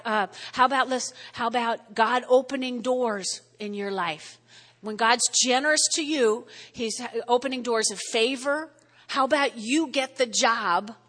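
High bright New Jersey woman preaching. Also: big-room sound. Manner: energetic preaching with call-and-response checks. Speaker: pastor. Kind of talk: sermon. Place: church sanctuary.

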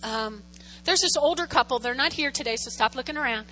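A middle-aged woman pastor preaching a sermon in a lively, teasing way, speaking straight to her congregation. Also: sits high, a little fast, big-room sound, a little hiss or hum, low-quality recording.

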